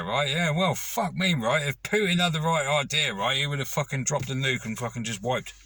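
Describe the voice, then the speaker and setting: A man's voice: mid-range voice, pushed and bright, dry recording. A man ranting to camera, rambling and swearing with lots of fillers. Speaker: vlogger.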